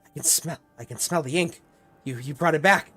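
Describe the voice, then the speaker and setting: A man putting on a crazed recluse who mutters eerily about ink, his voice lifting high and breathless. Faint music plays behind him. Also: a little fast, a bit bright. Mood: fevered.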